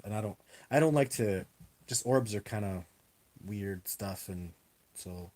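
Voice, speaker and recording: A man's voice: fairly low pitch, darkish tone. A man hosting a casual livestream and answering viewer questions in a rambling, emphatic way, speaking into a webcam. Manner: rambling, emphatic, repeats himself. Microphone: webcam on a live video stream.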